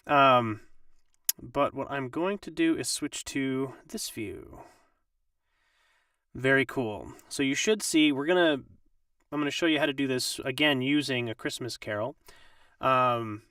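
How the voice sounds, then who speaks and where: Male voice actor, slightly under the weather, casual tutorial, mid pitch, dry room. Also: a bit bright, clear, resonant tone, no echo, far from the mic. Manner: rambling, with many ums and restarts. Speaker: voice actor and audiobook narrator. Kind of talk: casual live-stream tutorial.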